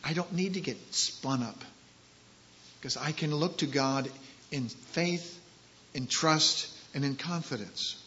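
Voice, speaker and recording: A man preaching a sermon and reading scripture, emphatic and slowing down on key phrases. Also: a little high, pushed and bright, slight background noise. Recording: dull lo-fi recording.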